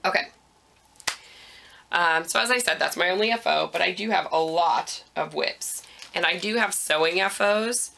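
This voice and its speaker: A woman's voice: fairly low pitch, normal speed, gravelly, sharp tone. A woman hosting a knitting podcast, chatting casually about her projects with frequent ums, a little out of breath.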